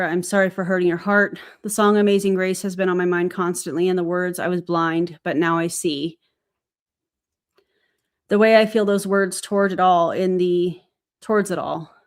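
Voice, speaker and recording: A woman hosting a live stream who earnestly reads out text messages and comments on them. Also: fairly low pitch.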